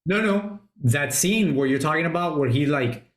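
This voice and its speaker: A man hosting a casual movie review chat, retelling scenes excitedly and swearing a lot. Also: on the high side, moderate pace. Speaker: podcast host. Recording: roomy echo.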